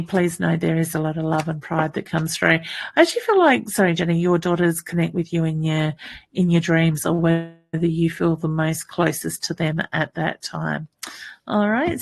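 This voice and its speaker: An Australian woman with a somewhat low voice hosts a live psychic session on a computer mic. She talks in a chatty, familiar way, reads viewer comments aloud and calls people honey. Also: creaky. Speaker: psychic medium hosting a live stream.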